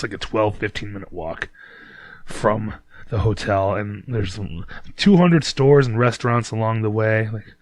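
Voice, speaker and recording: A man's voice: on the low side, dry recording. A man hosting a podcast, telling a rambling, profane story in casual chat and laughing at himself. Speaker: podcast host.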